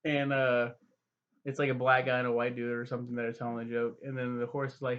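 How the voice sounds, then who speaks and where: A man's voice: medium pitch, little pitch movement, fast, pushed and bright, dull audio. A young man giving a profane, rambling, sarcastic review, full of fillers. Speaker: web series reviewer. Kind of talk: casual ranting review.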